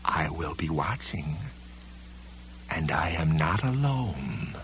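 A male narrator voicing a cold, threatening library policeman in a slow, quiet, menacing way. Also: sits low, very animated, muffled recording, slight background noise, exaggerated voice.

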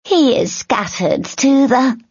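A woman reading an audiobook, voicing a cold, sneering female troll with a gravelly, husky, drawn-out voice. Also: mid-range voice, sing-song, dry recording, voice pushed up, heavily acted. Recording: dull lo-fi.

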